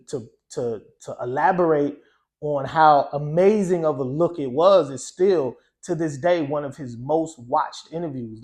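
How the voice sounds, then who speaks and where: A guest DJ with a fairly high, slightly mellow voice tells a story casually. His delivery is loose and conversational, full of "you know" and "um."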